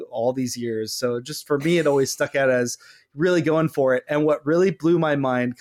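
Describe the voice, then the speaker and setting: Lively man hosting a podcast. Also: fairly high pitch. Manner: animated, acts out quoted lines in mock voices. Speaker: podcast host. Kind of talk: casual chat.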